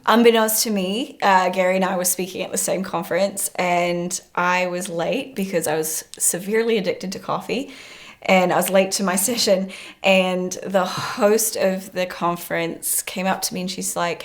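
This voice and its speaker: A woman minister, a guest on a talk show, tells a story in a quick, chatty way. Her voice is low for a woman. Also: fairly even intonation.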